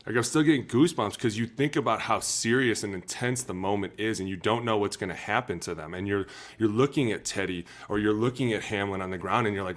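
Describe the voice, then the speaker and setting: A man's voice: lowish voice, fairly bright tone. A man in his thirties, a former pro football lineman, talking earnestly and emotionally on a podcast and acting out what others said. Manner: earnest, emotional, talks fast and acts out quotes. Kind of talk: candid podcast talk.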